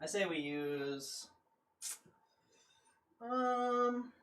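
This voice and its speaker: A man's voice: sits high, expressive, extremely slow, a bit bright. A young man streaming and chatting casually with himself, joking around and laughing often as he rehearses. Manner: joking, rambling self-talk with frequent laughs. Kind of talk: casual livestream chat.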